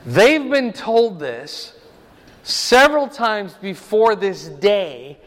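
A man teaching a Bible lesson verse by verse, explaining slowly and checking in with "right?" and "okay?". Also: sits high, big pitch swings, a bit bright, in a large hall.

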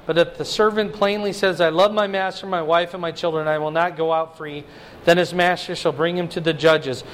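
Animated high-voiced man preaching. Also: fairly quick, slight background noise, poor audio. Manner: animated, swings pitch high when voicing God's words, checks in with "okay?". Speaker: pastor or Bible teacher. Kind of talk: sermon, Bible study teaching.

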